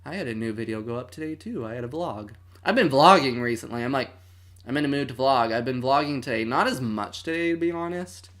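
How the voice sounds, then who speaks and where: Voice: medium pitch, a little fast, fairly bright tone. A streamer in their twenties hosting a movie watch-along, chatting casually and dramatically with mock outrage. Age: 20s. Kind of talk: casual livestream chat.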